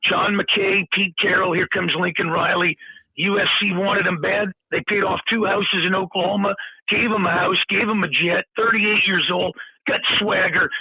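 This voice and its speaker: High-ish raspy guy ranting about college football, dry tinny phone sound. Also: steady tone, normal speed, no echo. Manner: blunt, opinionated, rambling. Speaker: sports talk guest. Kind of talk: casual sports talk.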